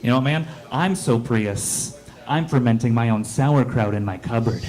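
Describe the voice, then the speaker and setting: A man's voice: mid-range voice, moderate pace. Man telling stand-up stories. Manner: deadpan storytelling with acted-out voices. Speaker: stand-up comedian. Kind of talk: stand-up comedy set. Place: comedy club stage.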